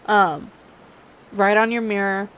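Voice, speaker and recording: A young woman with a Californian accent and a hint of southern drawl reads tarot cards in an easygoing, chatty way. She teases herself, stretches her words out slowly, and sits in a mid-range voice over a faint wash of ambient noise. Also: medium pitch, fairly even intonation, fairly bright tone, low-quality recording. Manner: chatty, self-mocking, drawn-out words. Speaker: tarot reader. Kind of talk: casual tarot reading chat.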